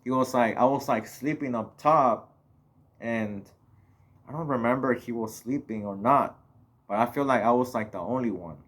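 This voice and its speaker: A man's voice: mid-range voice, normal speed, a bit bright. A young man from Mexico casually telling a personal story on his vlog, rambling and full of filler words. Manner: rambling, heavy on "you know" and "like" fillers. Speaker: vlogger.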